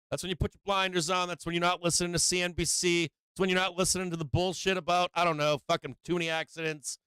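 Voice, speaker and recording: A brash male market-show host whose pitch runs a little high and whose voice sounds smooth and resonant. He swears freely and drives his points hard, then drops into a low explaining tone. He is recorded close up and dry. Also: no room sound. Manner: brash, profane, emphatic; swings between loud emphasis and low explaining. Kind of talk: profane live-stream market commentary.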